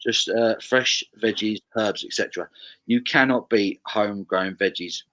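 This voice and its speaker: A man's voice: on the low side, normal speed, a bit bright, rough recording. A man from England hosting a casual live stream, reading viewer comments aloud with frequent stammered restarts.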